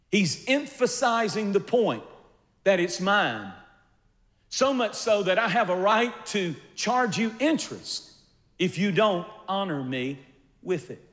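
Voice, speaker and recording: An older man preaching a sermon, telling a funny personal story with animated swings between quiet asides and loud bursts. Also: sits high. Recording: long reverb of a large hall.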